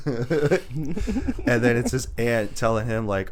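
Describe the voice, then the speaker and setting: A man's voice: medium pitch, a little slow. A man co-hosting a casual movie review chat, rambling with lots of laughter and acting out quoted lines. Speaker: podcast co-host.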